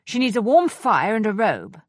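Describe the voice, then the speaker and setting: A calm, composed gentleman, read by a woman. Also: medium pitch, normal speed, no echo, studio quality.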